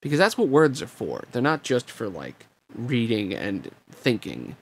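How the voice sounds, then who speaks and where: A man's voice: medium pitch, huge pitch swings, a little slow, creaky. A man hosting a podcast where he reads a novel aloud, musing casually and self-deprecatingly on what he just read. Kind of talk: casual rambling afterthoughts.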